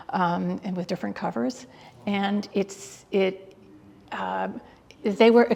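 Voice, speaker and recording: Gravelly, breathy woman in a reverberant hall. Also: medium pitch, a little mellow. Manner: enthusiastic, hesitant with many fillers and restarts. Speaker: guest curator. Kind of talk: interview. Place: exhibit hall.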